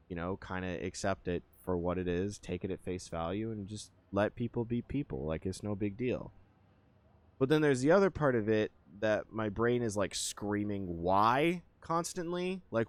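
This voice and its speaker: A man's voice: lowish voice, clean tone, no room sound. A man streaming a game and chatting with his viewers, rambling and hesitant with lots of fillers as he thinks aloud. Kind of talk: casual live-stream chat with viewers.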